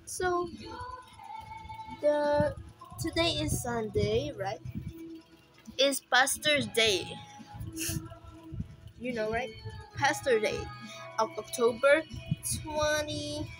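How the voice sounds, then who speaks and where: A woman with a Filipino accent, talking in a halting, emotional way as she vlogs casually. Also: high-pitched, a bit bright, faint music behind, rough recording. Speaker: vlogger. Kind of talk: casual rambling vlog.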